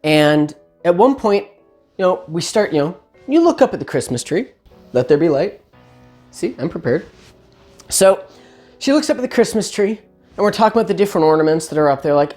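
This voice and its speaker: A woman casually telling a personal holiday story with chatty asides and quick self-corrections. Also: low voice, expressive, dark tone, faint music behind.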